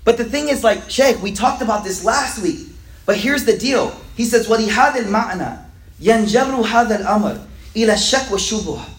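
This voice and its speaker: A man teaching a weekly religious class. He reads classical Arabic lines quickly, then explains them in relaxed, slangy everyday English. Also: high voice. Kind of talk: casual religious lesson reading a classical text. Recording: echoey room.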